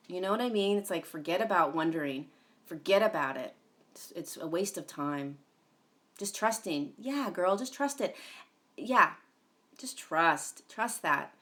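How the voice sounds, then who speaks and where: Lower-pitched woman, rambling livestream chat. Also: lively intonation, unhurried, a bit bright. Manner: chatty, rambling, many fillers, greets viewers by name; swears casually. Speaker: livestream host.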